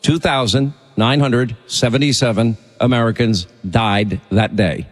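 A man's voice: medium pitch, measured pace, in a large hall. Urgent male talk radio host. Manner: urgent, insistent political talk.

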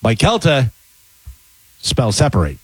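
A man's voice: mid-range voice, slow, breathy edge, no echo. A man hosting a casual radio show, running a spelling quiz with jokes and laughs. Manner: jokey, lively quizmaster, laughs often.

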